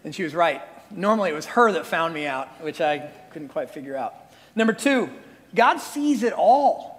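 A pastor in his forties delivers a sermon through animated, conversational storytelling at a moderate pace. His voice sits high for a man, and a long reverb suggests a large hall.

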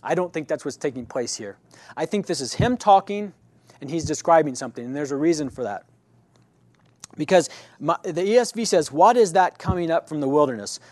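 A man leads a Bible study class in a chatty, conversational way, checking in with his listeners as he goes. His voice sits a little higher than most men's and he corrects himself mid-sentence. The sound is dry, with little room echo. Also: expressive, a little fast, darkish tone. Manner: conversational, keeps checking in with "right?"; restarts and self-corrections.

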